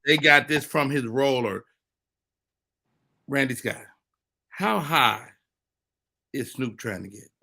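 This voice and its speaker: A bright, forward male voice running a live comedy show. He teases his co-hosts in casual banter. Every so often he bursts into loud, excited shouts. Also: mid-range voice, takes it slowly, vocal fry, long pauses. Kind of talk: loose live comedy chat.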